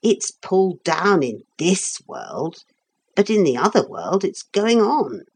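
This is a small wooden toy figure come to life in a storybook, put on by a woman narrator. He explains strange things patiently and plainly, never flustered. The voice is husky and slow, with a lively melodic lift. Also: lowish voice, full character voice. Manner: calm, explaining, matter-of-fact.

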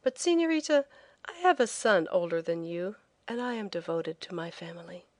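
A woman voicing an older man, a devoted father, who speaks softly in a measured, polite way. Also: on the low side, expressive, no room sound, natural voice. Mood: gentle.

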